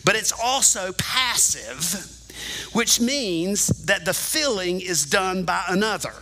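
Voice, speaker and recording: Bright high-voiced man preaching. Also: slow pace, poor audio. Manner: animated teaching, direct address to congregation. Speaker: pastor. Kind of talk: sermon. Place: church sanctuary.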